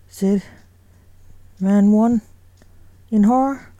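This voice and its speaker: A woman reading a story aloud at an even, unhurried pace. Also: medium pitch, no echo.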